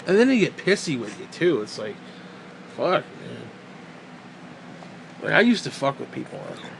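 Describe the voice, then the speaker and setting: A man's voice: mid-range voice, sing-song, normal speed, gravelly, slight background noise. A man vlogging a casual rant to the camera, crude, profane and exasperated.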